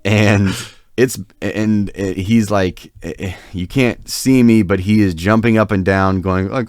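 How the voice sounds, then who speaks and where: A podcast co-host with a lowish, slightly mellow, clean voice speaks at a measured pace in a dry, clean studio recording. His long anecdote meanders casually, stuffed with fillers and self-deprecation.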